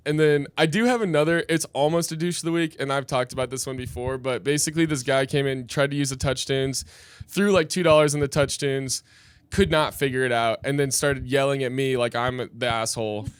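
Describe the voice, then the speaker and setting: A man's voice: mid-range voice, steady tone, fairly quick, clear, resonant tone, no echo. A man co-hosting a podcast from inside a bar, chatting casually, laughing often and acting out what customers said. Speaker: podcast co-host. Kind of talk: casual chat, telling bar stories.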